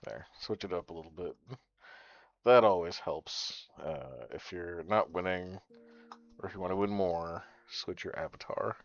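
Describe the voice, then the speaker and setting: A man's voice: deep voice, a little slow. A man streaming a card game, chatting casually with his viewers in a rambling way and swearing freely. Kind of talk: casual gaming commentary. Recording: dull lo-fi stream audio with faint music.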